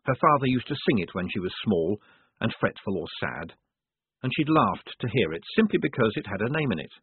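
A man's voice: on the low side, big pitch swings, brisk, slightly rough, no room sound. A man narrating an audiobook in a dry, wry storytelling manner. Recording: tinny phone-like dry sound.

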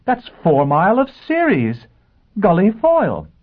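A man voicing an excitable young male law assistant who shouts and stammers. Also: sits high, slow, voice pushed up, full character voice. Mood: excited. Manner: breathless, shouting. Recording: tinny phone-like band.

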